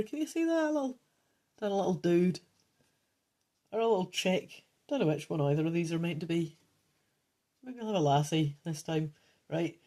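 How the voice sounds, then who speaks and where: A woman's voice: lowish voice, mellow, husky. Chatty woman reading a gamebook. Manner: chatty, self-correcting, easily sidetracked. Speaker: gamebook player and reader. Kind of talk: casual playthrough narration.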